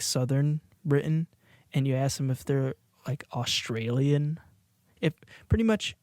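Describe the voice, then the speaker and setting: A man co-hosts a podcast in loose, casual chat, laughing often and restarting his sentences. His voice sits at a middling pitch. The recording is dry and close, with no room echo. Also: mellow. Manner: rambling, laughing, many restarts. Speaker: podcast co-host. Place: indoors, watching a video while recording.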